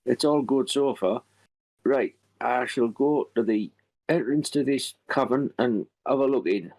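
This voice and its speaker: Male player, gravelly, matter-of-fact. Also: mid-range voice, measured pace, a little mellow.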